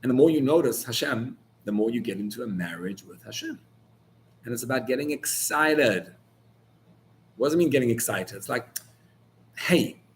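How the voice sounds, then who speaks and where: A male rabbi teaches an informal Torah class at a mid-range pitch. He talks it through conversationally, stopping and restarting, and leans hard on the words that matter. Behind him there is a faint hiss. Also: animated, moderate pace, pauses often.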